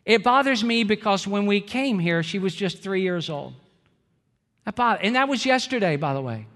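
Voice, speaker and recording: A man's voice: high-pitched, expressive, normal speed, fairly bright tone, long reverb tail. A middle-aged man preaching a sermon as pastor, earnest and storytelling, repeating phrases for emphasis.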